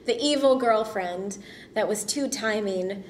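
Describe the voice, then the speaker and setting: A woman's voice: medium pitch, unhurried, a little hiss or hum. A woman actress answering interview questions casually, upbeat, friendly and enthusiastic.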